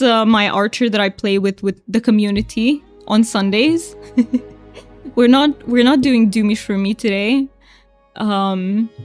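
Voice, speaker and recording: A woman streaming a game, chatting casually with viewers, giggling often and thanking them. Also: a little high. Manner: giggly, laughs often between lines. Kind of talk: casual livestream chat.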